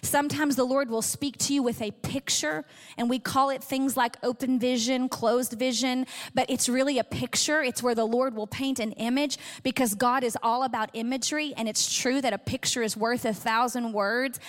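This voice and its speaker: A woman's voice: sits high, fairly even intonation, normal speed. A middle-aged woman pastor giving an earnest, conversational sermon, acting out little quoted exchanges as she teaches. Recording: long hall reverb.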